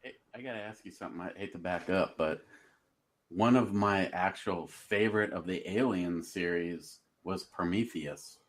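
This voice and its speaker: A man's voice: deep voice, moderate pace. Wisecracking male radio co-host. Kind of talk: casual crude talk radio banter.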